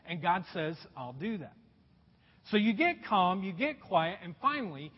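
A man's voice: sits high, very animated, moderate pace, slightly rough. Man preaching in a reverberant church. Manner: emphatic, repeats key phrases, drops to quiet. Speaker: pastor. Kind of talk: sermon. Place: church auditorium. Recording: dull, long-reverb hall recording.

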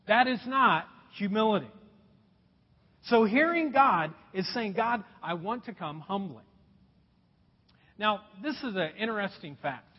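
Brief: high, lively male pastor, slightly husky, preaching in a long-echo hall on a dull recording. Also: measured pace. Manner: emphatic, repeats key phrases, drops to quiet. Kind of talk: sermon. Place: church auditorium.

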